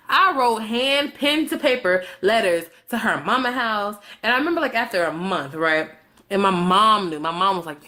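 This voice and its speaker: A young woman telling a breakup story on her vlog, animated and dramatic, swearing freely and acting out both sides of the story. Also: medium pitch, moderate pace. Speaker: vlogger.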